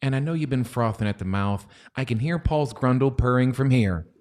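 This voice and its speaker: A man hosts a live stock market show with a loose, joking energy. He teases his co-hosts and keeps the banter moving, his voice sitting at an ordinary middle pitch. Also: a little mellow. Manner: playful and teasing, quick jokes.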